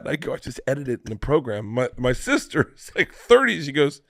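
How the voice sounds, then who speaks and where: A man in his forties telling a long story on a podcast, animated and profane, laughing through it. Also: medium pitch, fairly quick, vocal fry, dry recording, studio quality. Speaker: podcast host. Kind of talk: casual storytelling chat.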